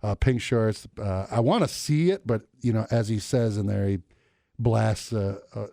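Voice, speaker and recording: A man's voice: fairly low pitch, moderate pace, creaky, dry recording. Chatty male radio host, dry studio sound. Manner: animated storyteller, laughs often, mimics voices. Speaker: radio morning show host. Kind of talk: casual radio banter.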